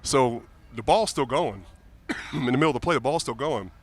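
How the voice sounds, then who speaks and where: Man telling lively stories in mid pitch. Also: moderate pace. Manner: lively storyteller, casual and joking. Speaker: guest, retired football player. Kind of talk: casual interview chat.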